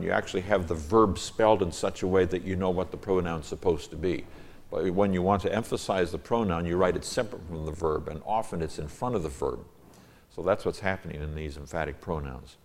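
A man giving a verse-by-verse Bible study lecture. He reads scripture aloud and stops to explain Hebrew words, stressing divine names and key words. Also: low-pitched. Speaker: Bible teacher.

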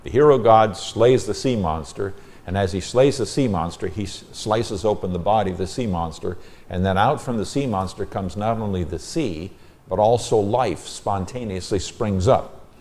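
A man reading psalms aloud and explaining the Hebrew text, measured and explanatory, stressing key verses. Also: on the low side, darkish tone. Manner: measured, explanatory, emphatic when quoting verses. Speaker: Bible teacher. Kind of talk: scripture reading and teaching.

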